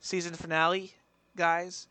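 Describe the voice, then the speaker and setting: A man's voice: fairly high pitch, flat delivery, bright, forceful tone, slight background noise. A young man co-hosting a podcast, chatting casually and rambling with lots of fillers and restarts. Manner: rambling, full of "like" and restarts, breaks into quick voice impressions. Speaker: podcast co-host. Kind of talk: casual chat.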